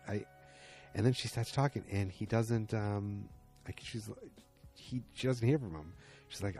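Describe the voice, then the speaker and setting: A man with a low, mellow voice walks through a TV episode in a loose, chatty way. He acts out each character's lines in quick shifting voices and pads his talk with fillers. Soft music plays behind him. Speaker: show recapper. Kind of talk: casual episode recap.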